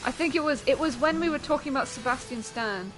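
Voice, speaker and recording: A woman's voice: sits high, fast talker, a bit bright, faint music behind, rough recording. A woman co-hosting a casual gaming stream, chatting bluntly and giggling while she reads the chat aloud. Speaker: streamer co-host.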